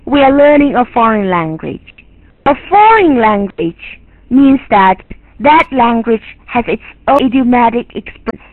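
A woman's voice: on the high side, husky, no echo. A woman with a Chinese accent teaching English pronunciation, lecturing in English and Mandarin and putting questions to her students. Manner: repeats and restarts phrases, asks the class questions. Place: online lecture. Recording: tinny phone-like line, dry.

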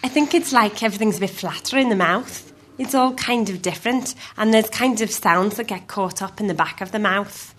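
A woman's voice: mid-range voice, brisk, few pauses. A woman speaking as an accent expert in a recorded interview clip, explaining thoughtfully with hedging fillers.

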